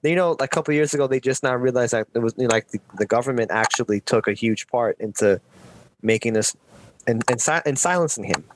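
A man's voice: medium pitch, fast talker, slight background noise. A man in a casual podcast chat over a video call, rambling with lots of restarts and swearing freely.

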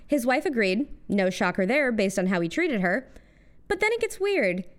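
A woman's voice: fairly high pitch, big pitch swings, normal speed. A young American woman hosting a scripted comedic monologue, with sarcastic, punchy asides. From United States. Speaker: host.

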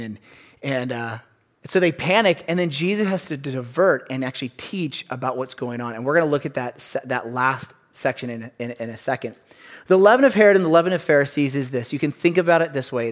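A man preaching a sermon in a conversational way, with asides and jokes between scripture readings. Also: fairly high pitch. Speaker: pastor.

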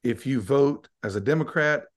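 A man's voice: mid-range voice, moderate pace. Male podcast co-host and preacher, teasing storyteller; mid-range voice. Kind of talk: casual chat.

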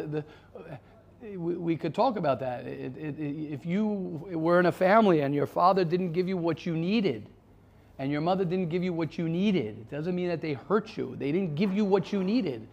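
A man's voice: a little high, darkish tone. A man, teaching an informal Torah class in an earnest, emphatic way, repeating his points.

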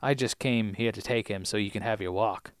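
A man's voice: lowish voice, fairly quick, clean tone, dry recording, studio quality, close to an everyday voice. A man doing an eager, cheerful young guy.

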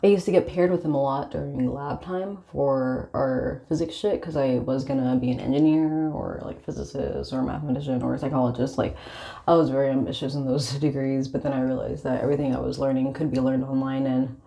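A woman's voice: extremely low pitch, steady tone, fairly quick, vocal fry, warm tone. A young woman talking through a casual confessional monologue in a rambling, profane way, full of filler words. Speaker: vlogger.

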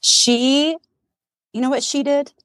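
A woman's voice: high-pitched, steady tone, takes it slowly, a bit bright, dry recording. Chatty self-mocking woman podcast host. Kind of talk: casual podcast chat.

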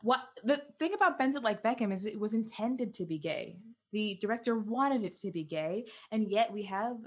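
Young woman, podcast co-host, casual chat, animated, many fillers, medium pitch. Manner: animated, quick to laugh, lots of fillers.

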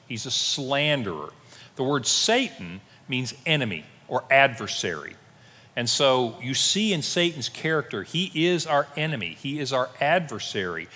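A man's voice: mid-range voice, pushed and bright, breathy edge. A male pastor delivers a sermon, bringing each story to life by acting out the voices he quotes. His voice rises and falls a lot. It carries with a long reverb, as if filling a large church sanctuary.

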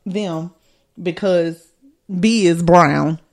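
A woman co-hosting a casual podcast, playful, with quick asides and talk straight to the listeners. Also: on the low side. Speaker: podcast co-host.

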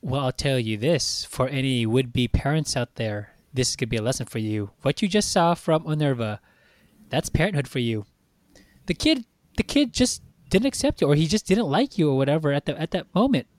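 Casting: male podcast co-host, loud profane rant, dry close sound. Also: medium pitch, moderate pace, no room sound. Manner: animated, profane ranting. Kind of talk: casual chat.

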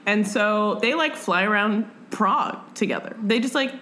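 A young woman co-hosting a casual book chat, lively and animated, acting out characters in quick voices and swearing freely. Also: mid-range voice, a little hiss or hum. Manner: swearing, lots of "like". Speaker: podcast co-host.

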